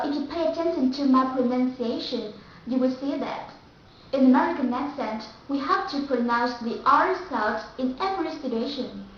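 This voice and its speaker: A woman's voice: high-pitched, slight background noise. A woman from Vietnam with a Vietnamese accent, teaching English pronunciation and carefully repeating example words. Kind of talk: pronunciation lesson. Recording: echoey, distant, dull mic.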